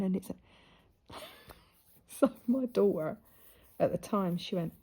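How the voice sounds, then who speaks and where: A woman's voice: mid-range voice, expressive, slow, long pauses, warm tone, husky. A middle-aged woman chatting as she sews, rambling through stories and often dropping into whispered asides. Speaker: sewing vlogger. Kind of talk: casual chat while sewing. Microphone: camera close in front.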